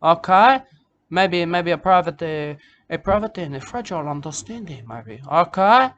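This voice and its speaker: Comic bushman poet, self-important and repetitive, raised pitch, put on by a man. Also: lively intonation, moderate pace, fairly bright tone, lo-fi sound. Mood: rambling. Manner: rambling, repetitive, ends lines with "okay?" and "mate". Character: rambling self-important male Australian bush poet. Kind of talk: comic character monologue.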